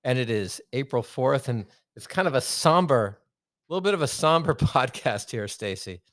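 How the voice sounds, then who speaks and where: A man co-hosts a casual sports podcast, rambling and restarting his sentences often. His mid-range voice is expressive and fairly bright at a moderate pace, in a dry, clean studio recording.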